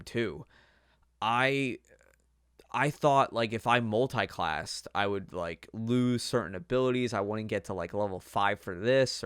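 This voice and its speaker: A man's voice: fairly low pitch, smooth, no echo, clean studio sound. A young man hosting a podcast, chatting casually in a rambling way with lots of fillers. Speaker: podcast host. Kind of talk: casual chat.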